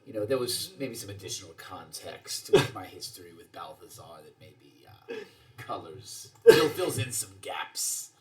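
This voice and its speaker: A man's voice: low voice, lively intonation, a little slow. A man playing a tabletop game who tells a story in character in a rambling, hesitant way. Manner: rambling and hesitant, full of restarts. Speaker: player.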